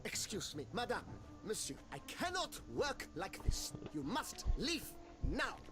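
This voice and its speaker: An actor playing a haughty, theatrical court painter who is easily irritated. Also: male voice, high-pitched, wildly swooping pitch, unhurried, music in the background, heavily acted. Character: pompous fussy male court painter.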